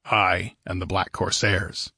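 Conan, a gruff grim barbarian voiced by a man. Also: sits low, level tone, takes it slowly, sharp tone, no room sound, clean studio sound, exaggerated voice. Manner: gruff, impatient, mocking. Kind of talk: audiobook character voice.

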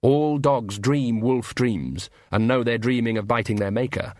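A man's voice: mid-range voice, unhurried, darkish tone, no echo, clean studio sound. Man narrating a wry story. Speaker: audiobook narrator. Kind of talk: scripted narration.

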